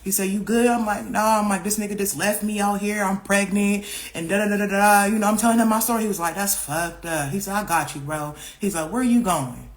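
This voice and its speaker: A woman's voice: mid-range voice, brisk, hardly any pauses. A woman in the middle of a casual story, talking in a mid-range voice. She swears freely and piles on slang. When she repeats what others said, she raises her voice and acts their lines out. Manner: profane, slang-heavy, animated retelling.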